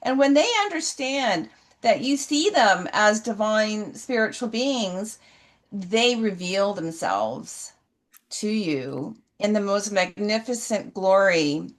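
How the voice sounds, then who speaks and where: A middle-aged woman speaking earnestly and emotionally as an interview guest, slow and halting. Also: medium pitch, lively intonation. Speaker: guest, horse healer. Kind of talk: heartfelt interview answers. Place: ranch.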